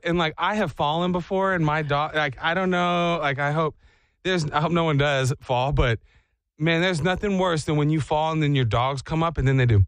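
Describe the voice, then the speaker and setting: A man hosting a radio show, chatting and joking with animated energy. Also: on the high side, brisk, no echo. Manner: animated, joking, acts out voices. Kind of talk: morning radio banter.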